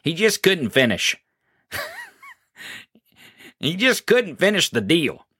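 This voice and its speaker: A man's voice: on the high side, sing-song, slow pace, pushed and bright, breathy edge, dry recording, studio quality. A man hosting a live political podcast, ranting profanely and sarcastically about the news. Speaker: podcast host.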